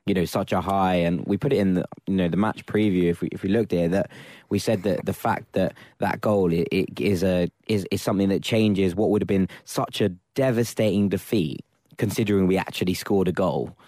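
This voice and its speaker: A man with a deep, low voice tells animated fan stories, acting out the things people said to him. The sound is close and dry, with no room echo. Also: brisk. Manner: animated storyteller, laughing, acts out quotes. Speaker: podcast panelist. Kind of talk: casual football podcast chat.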